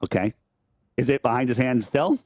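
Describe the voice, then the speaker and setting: A man's voice: medium pitch, moderate pace, darkish tone, no room sound, clean studio sound. A man on a livestream debating a caller, insistent and repeating himself. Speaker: streamer arguing with a caller.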